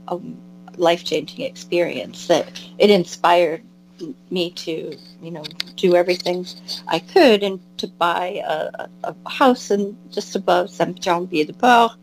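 This guest, an American pilgrim and albergue volunteer, rambles warmly through a casual interview, restarting often and leaning on fillers. She speaks at a measured pace in a fairly low pitch, over a rough recording with a little hiss or hum.

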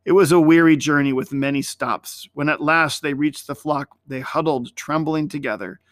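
A man reading a story aloud in a measured, expressive storytelling manner. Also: fairly high pitch, no room sound.

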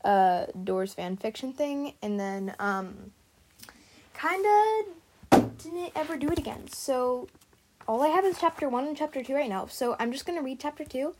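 A woman's voice: high voice, normal speed, darkish tone, slight background noise. A woman hosting her podcast, chatting casually and reading her fan fiction aloud, scattered with stumbles. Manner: chatty, scattered, many fillers and restarts.

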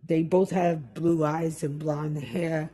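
A woman's voice: low-pitched, flat delivery, takes it slowly, mellow, breathy edge. A middle-aged woman from the West Indies telling stories from her past in casual chat, acting out the people she quotes.

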